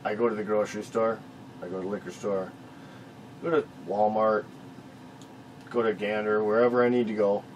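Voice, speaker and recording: A man's voice: lowish voice, level tone, moderate pace, long pauses, muffled recording, a little hiss or hum. A man co-hosting a casual chat, telling stories in a laid-back, profane, laughing way. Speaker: podcast co-host.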